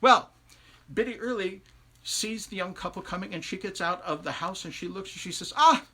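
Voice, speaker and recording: A man telling a folktale live, conversational and animated, with asides to his listeners. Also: high-pitched, moderate pace, husky. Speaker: storyteller. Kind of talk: oral folktale telling on a livestream.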